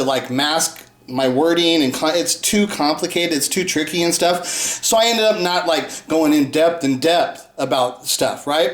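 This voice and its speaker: A man hosting his own channel, going from calm explanation into profane, furious shouted rants. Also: a little high, reverberant. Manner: swings from calm talk to furious shouted cursing. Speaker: channel host. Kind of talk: profane ranting response video.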